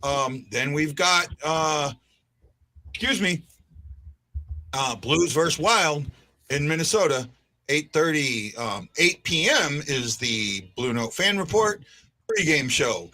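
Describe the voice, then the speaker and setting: A man chats on his fan live stream, circling back over his own phrases. His voice is bright and sits a little high. The talk is loose and informal. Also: animated, unhurried. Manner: rambling, repeats himself and restarts. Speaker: fan podcast host. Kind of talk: casual live-stream chat.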